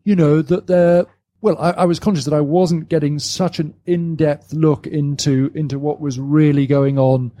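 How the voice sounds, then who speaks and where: A man from Britain, guest at a live audience event, with a somewhat high but mellow, dark voice. He talks casually and thinks aloud, often repeating words and correcting himself. The delivery is conversational and meandering. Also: flat delivery, normal speed. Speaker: author guest. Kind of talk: casual conversation about his book.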